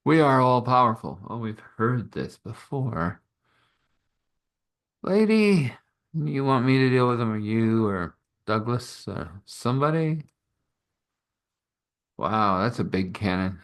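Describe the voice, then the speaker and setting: A man's voice: medium pitch, sing-song, slow, pauses often. A man telling an improvised story in a rambling, chuckling way, with many fillers.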